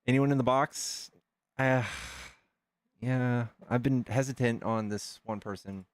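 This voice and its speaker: A man hosts a casual livestream in an excitable, chatty way, reading donations aloud. His voice sits in a middle pitch. The sound is dry and close, with no room echo. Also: measured pace. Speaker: livestream host.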